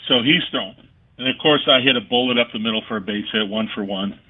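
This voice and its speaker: A man's voice: medium pitch, quick pace, slightly rough. A man from California, a guest on a radio interview, telling stories with animation and acting out the voices of the people he quotes. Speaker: guest, former ballplayer turned firefighter. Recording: phone-like radio line.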